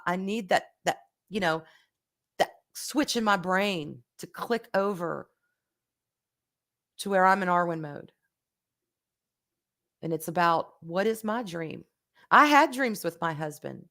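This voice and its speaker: A woman's voice: medium pitch, animated, unhurried, pauses often, fairly bright tone. A middle-aged woman, hosting a casual livestream and reading viewer comments, talking frankly and emotionally and swearing freely. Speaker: livestream host.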